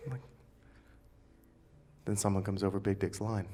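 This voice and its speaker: A man in his twenties doing a stand-up set, telling a story with animated delivery and acted-out dialogue. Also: fairly low pitch, moderate pace, pauses often, crowd noise, background noise. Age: 20s. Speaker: stand-up comic.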